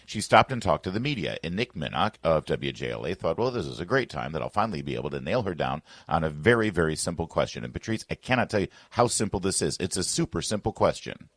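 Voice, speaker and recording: A man's voice: sits low, very animated, quick pace, hardly any pauses, dry recording, clean studio sound. A man hosting a political talk radio show, arguing emphatically with rhetorical questions. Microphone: studio microphone.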